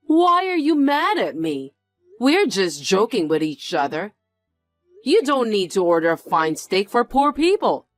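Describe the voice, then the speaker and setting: A woman acting out a condescending rich woman in a drama, taunting those below her in a lively, swooping voice. She speaks slowly and deliberately. The recording is dry and close, with faint music underneath. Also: medium pitch, no room sound. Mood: indignant. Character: snobbish, mocking wealthy woman.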